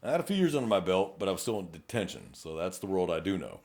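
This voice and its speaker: A man's voice: low-pitched, big pitch swings, quick pace, a little mellow. A man, co-hosting a podcast and telling cop stories in a profane, laughing manner. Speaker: podcast co-host, law enforcement officer. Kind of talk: casual storytelling chat.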